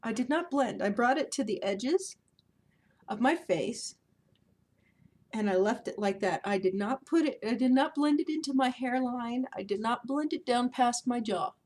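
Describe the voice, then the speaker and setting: A beauty vlogger in her thirties chats casually to camera from home, her voice fairly high with a darkish tone at a moderate pace. She's self-mocking and laughs often.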